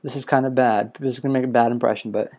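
A man's voice: mid-range voice, fairly even intonation, racing, heavy background noise. A man hosting a casual solo live podcast, rambling and self-deprecating, a little sleepy. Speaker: podcast host. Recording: lo-fi dull audio.

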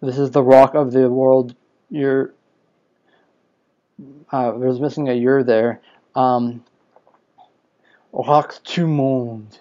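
A man's voice: mid-range voice, level tone, slow, pauses often, warm tone. A man hosting a casual solo live podcast, rambling and self-deprecating, a little sleepy. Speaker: podcast host. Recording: lo-fi dull audio.

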